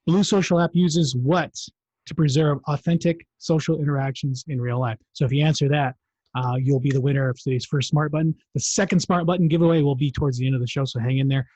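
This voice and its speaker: A man's voice: on the high side, steady tone, fast, darkish tone, slightly rough, no room sound. A man hosting a live-streamed interview show, chatty and rambling with lots of fillers. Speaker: show host. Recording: dull, dry sound.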